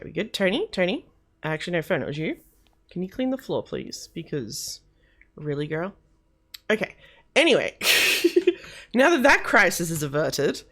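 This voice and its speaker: Lively low-voiced chatty woman. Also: slightly rough. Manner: chatty, giggly, self-correcting. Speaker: video game creator showing a house build. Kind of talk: casual gameplay commentary.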